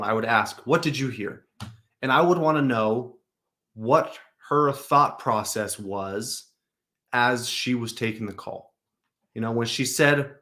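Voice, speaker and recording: A man's voice: medium pitch, fairly bright tone. A man hosting a show, coaching managers on a recorded service call in a direct, advisory way. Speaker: customer service coach, host.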